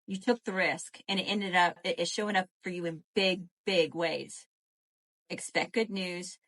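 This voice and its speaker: A woman doing a live tarot reading, animated and profane, calling to her viewers as y'all. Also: lowish voice, a little slow. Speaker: tarot reader.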